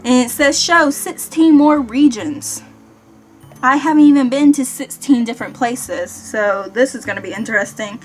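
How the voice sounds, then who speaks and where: A woman's voice: on the high side, fairly even intonation, fairly quick, few pauses, soft background music. A young woman talking casually in a vlog, chatty and self-deprecating. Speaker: vlogger.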